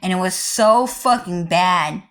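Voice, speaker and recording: A woman's voice: on the low side, slow. Foul-mouthed woman ranting erratically. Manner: heavily profane, rambling and erratic, swinging between loud and muttered. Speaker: vlogger. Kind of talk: rambling livestream rant.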